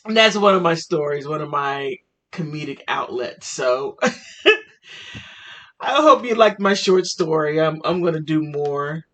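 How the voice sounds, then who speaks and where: Animated woman telling a funny story. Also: low-pitched, measured pace. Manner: animated, laughing, chatty with fillers. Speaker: vlogger. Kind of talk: casual comic storytelling.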